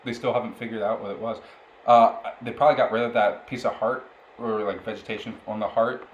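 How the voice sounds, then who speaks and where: A man's voice: fairly low pitch, fairly even intonation, fairly quick, muffled recording. Young man, casual storytelling, laughs a lot, echoey room, faint noise. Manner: laughs often while telling stories, rambling. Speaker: podcast co-host. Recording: roomy echo with faint background noise.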